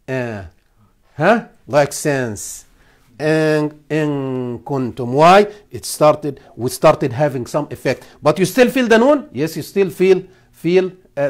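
A high-pitched male imam teaches a class on the rules of Quran recitation. He repeats phrases, quizzes his students and slowly sounds out letters.

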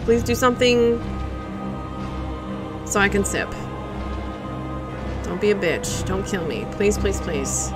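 A woman's voice: medium pitch, very animated, slow pace, long pauses, loud music behind the voice. A woman streamer giving live gameplay commentary, profane and exclaiming, talking back at a boss.

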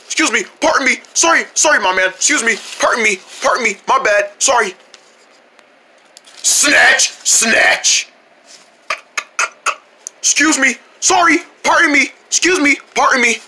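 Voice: high-pitched, lively intonation, moderate pace, sharp tone, a little hiss or hum, exaggerated voice. A performer voicing a sneaky cartoon kid who mutters apologies while tiptoeing past sleepers to snatch a blanket. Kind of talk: cartoon voice acting.

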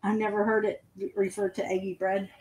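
Slightly husky woman co-host, brief replies. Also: mid-range voice, level tone, a little fast, a little mellow. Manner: short questions and brief replies. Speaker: livestream co-host. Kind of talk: casual chat.

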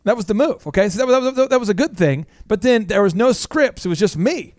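Fast-talking, high-voiced male business host. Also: dry recording, clean studio sound. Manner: fast, animated storytelling with shouted bits. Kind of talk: energetic business talk show.

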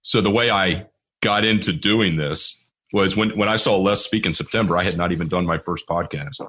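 A man's voice: sits low, normal speed, fairly bright tone. A man from Baltimore in his thirties, hosting a podcast and chatting in a rambling, conversational way. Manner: rambling, with restarts and quoted dialogue. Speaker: podcast host. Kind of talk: conversational interview.

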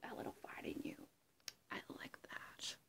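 A woman impersonating an unhinged male villain clown in a whispered role-play, with a breathy, hissing whisper and slow, sinister taunting. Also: pushed and bright. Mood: menacing whisper.

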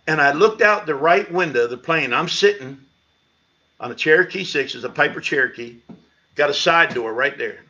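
At a church Bible study, a pastor in middle age narrates his conversion with vivid energy, rising high when quoting what he once said. The recording has a rough, livestream quality.

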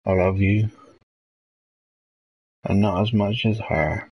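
A young man winds down a late-night stream in a slow, halting ramble. His voice is deep, gravelly and a little husky. He pauses often and reads viewer messages out loud. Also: lo-fi sound. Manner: rambling, hesitant, reading chat messages aloud. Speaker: livestream host.

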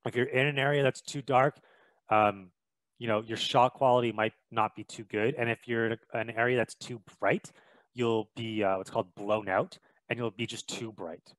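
A man's voice: mid-range voice, fairly even intonation, moderate pace, no room sound, low-quality recording. A young man from Canada giving a casual video production lesson, chatty and emphatic with frequent fillers, in a home room by a window. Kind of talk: casual instructional talk.

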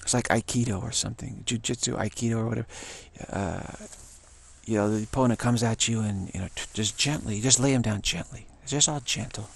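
A man talking in a loose, rambling monologue, repeating himself and restarting words, getting animated when excited. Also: on the low side, a little fast, vocal fry, breathy edge.

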